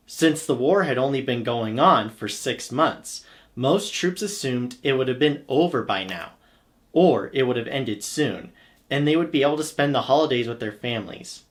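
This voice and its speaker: A man giving scripted documentary narration for a history channel, in a steady, measured storytelling delivery. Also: medium pitch.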